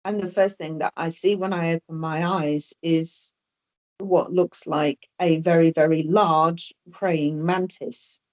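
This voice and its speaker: A woman's voice: sits low, steady tone, slow pace, darkish tone. A woman telling a personal story as an interview guest, hesitant and often repeating or restarting her words. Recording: dull lo-fi audio.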